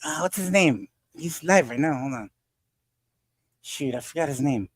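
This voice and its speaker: A man's voice: on the high side, animated, moderate pace, slightly rough, no room sound, clean studio sound. A man hosting a casual live panel, rambling and groping for names as he talks. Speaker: livestream panel host. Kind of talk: casual chat.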